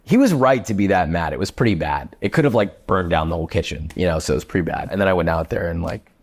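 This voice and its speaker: A chef telling a kitchen story in casual, animated talk, swearing freely and using lots of fillers. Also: male voice, sits low, quick pace.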